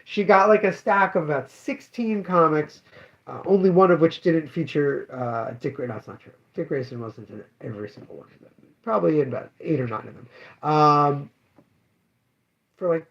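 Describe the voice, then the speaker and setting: Rambling shop owner, lo-fi sound. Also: male voice, on the high side, moderate pace, gravelly. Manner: rambling anecdotes with many fillers and self-corrections. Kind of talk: casual spoken daily update.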